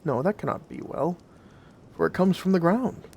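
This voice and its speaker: A man's voice: sits high, lively intonation, normal speed, creaky, a little mellow, slight background noise, pitched above the performer's own voice. A man voicing a poor, humble old bamboo cutter in a told story, with old-fashioned country speech. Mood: amazed.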